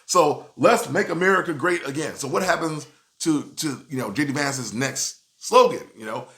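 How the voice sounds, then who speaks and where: A man giving casual, animated commentary in a video, often asking "you know what I'm saying". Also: a little high, normal speed.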